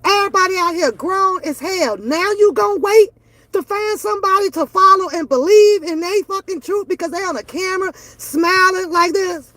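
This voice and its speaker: A woman's voice: very high voice, moderate pace, sharp tone, no room sound. A woman, ranting bluntly and profanely on her reaction channel. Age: 40s. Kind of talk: casual opinion rant.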